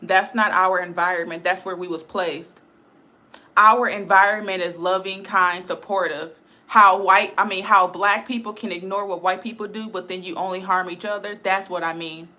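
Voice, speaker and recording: A woman's voice: mid-range voice, fairly even intonation, moderate pace, sharp tone. A woman giving a blunt, emphatic casual livestream rant, repeating her points. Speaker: live streamer.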